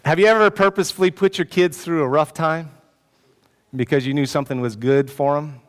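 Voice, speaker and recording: A man's voice: a little high, steady tone, fairly quick. A man giving a sermon as pastor, telling a personal story in a self-mocking way and joking with the congregation. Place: church hall with an audience. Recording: long hall reverb.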